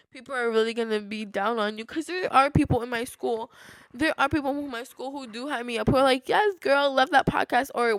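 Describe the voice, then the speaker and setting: Teen girl podcaster, venting, filler-heavy, high clean voice, dry close sound. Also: a bit bright, dry recording. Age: teens. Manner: frank and fired-up, heavy use of filler like. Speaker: podcast host.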